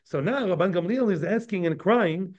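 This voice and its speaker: A man's voice: sits high, lively intonation, moderate pace, a little mellow, muffled recording. A man teaching a daily Talmud class in a conversational lecture style, often asking his listeners questions.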